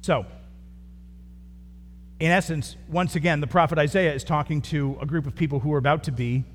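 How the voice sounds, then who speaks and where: A man's voice: mid-range voice, normal speed. Man preaching in a reverberant hall. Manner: earnest, builds phrases in short repeated beats. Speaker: pastor. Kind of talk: sermon. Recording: long hall reverb, faint noise.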